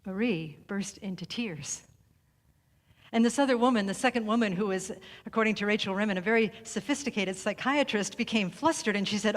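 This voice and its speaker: Woman preaching a story sermon, slow deliberate pauses, long hall echo around her. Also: mid-range voice. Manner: measured, deliberate, with long pauses and softened phrases. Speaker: speaker at a spiritual center service. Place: sanctuary hall. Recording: reverberant hall recording.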